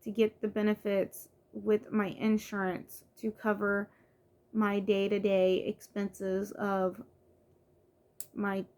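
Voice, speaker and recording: A woman's voice: medium pitch, monotone, slow, a little mellow. Frustrated young woman venting to camera. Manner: frustrated, venting, many fillers and restarts. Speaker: vlogger. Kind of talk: casual vlog rant to camera.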